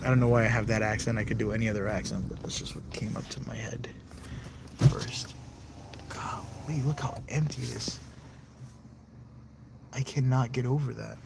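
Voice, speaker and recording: A man's voice: medium pitch, steady tone, moderate pace, vocal fry, long pauses, heavy background noise. A man giving casual, chatty commentary to himself while driving, jumpy and self-talking. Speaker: vlog host. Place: inside a car while driving.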